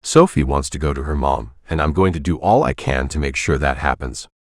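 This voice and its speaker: A man's voice: very deep voice, a little fast, dry recording, clean studio sound. A man voicing an earnest, determined younger man who is loyal to his companions.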